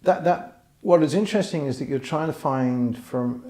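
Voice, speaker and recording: A man's voice: mid-range voice, normal speed, mellow. A man, a filmmaker interviewing an actor, speaking in a hesitant, casual way with many restarts. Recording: echoey room.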